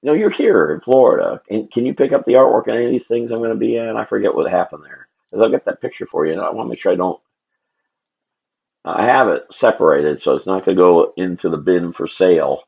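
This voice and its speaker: A man rambles through a live drawing stream, talking to himself and to his viewers. His voice sits very low, with a gravelly, husky edge. His pitch rises and falls a lot as he talks, and the audio sounds a little dull and lo-fi. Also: animated, quick pace. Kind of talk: casual livestream chat while drawing.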